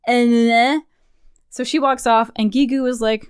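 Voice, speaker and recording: A woman in her thirties co-hosting a podcast, recapping a game in animated, profane storytelling. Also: a little high, moderate pace, clean tone, no echo, studio quality. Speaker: podcast co-host. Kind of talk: casual game recap chat.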